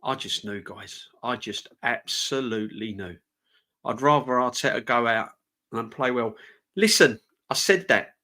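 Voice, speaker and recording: A man's voice: medium pitch, measured pace, sharp tone. A man hosting a fan channel live stream, ranting with passion and repeating himself. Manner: passionate, fuming, repetitive.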